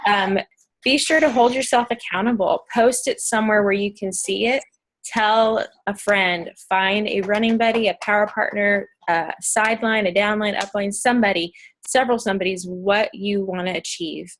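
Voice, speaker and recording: A woman's voice: medium pitch, fairly even intonation, normal speed. A woman from Pennsylvania hosting a casual goal-setting video call, bubbly and chatty with many fillers.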